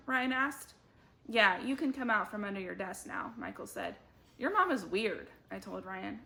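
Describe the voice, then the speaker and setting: Bright, lively woman reading a kids' book. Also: unhurried. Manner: lively, voices the children and teacher with big pitch jumps. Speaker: book club reader. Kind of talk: reading a children's book aloud.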